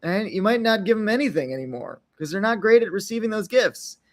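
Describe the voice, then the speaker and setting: An animated, high-pitched man speaking a bit fast hosts an unscripted podcast, rambling loosely. He keeps checking in with "right?" and briefly acts out little quotes.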